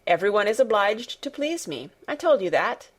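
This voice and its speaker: A spoiled, bedridden ten-year-old boy from a storybook, speaking in a flat, offhand tone that expects obedience, as a woman narrator voices him. The pitch sits in a middle range, and the delivery is calm and measured. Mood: indifferent. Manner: indifferent, commanding. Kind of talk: audiobook character reading.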